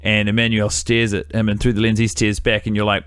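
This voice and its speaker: A man's voice: on the low side, completely flat delivery, fairly quick, few pauses, a bit bright, clear, resonant tone, no echo, clean studio sound. Man recapping a film, crude and rambling. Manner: rambling, profane comedic recapping. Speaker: podcast host. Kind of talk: casual film-review chat.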